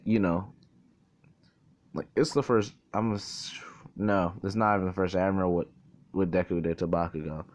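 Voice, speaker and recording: A man's voice: lowish voice, a little mellow. Rambling young man telling a story. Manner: rambling, profane, self-correcting. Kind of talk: casual fan-fiction storytelling.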